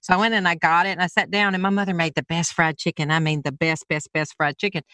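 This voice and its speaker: A woman hosting an interview show, chatty and quick to laugh, telling her own stories. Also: fairly low pitch, little pitch movement, sharp tone, no room sound. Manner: laughs easily, chatty storyteller. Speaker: host. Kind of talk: casual interview chat.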